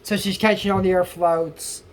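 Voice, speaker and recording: A man's voice: high-pitched, fairly even intonation, normal speed. Man rambling through a cartoon recap. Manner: rambling retelling with fillers and restarts, half-acts quotes; chatty asides to viewers. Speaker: YouTube episode recapper. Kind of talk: casual cartoon episode recap.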